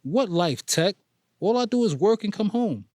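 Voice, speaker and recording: A man voicing a frustrated young woman nurse in an audiobook, raising his pitch for her. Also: animated, takes it slowly, no echo, clean studio sound.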